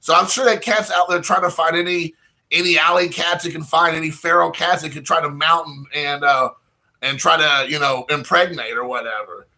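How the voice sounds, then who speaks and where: A man's voice: on the high side, steady tone, moderate pace, pushed and bright. A young man telling a casual, rambling anecdote, peppered with "like" and acted-out quotes. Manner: rambling, heavy use of "like" fillers, quoting himself and others.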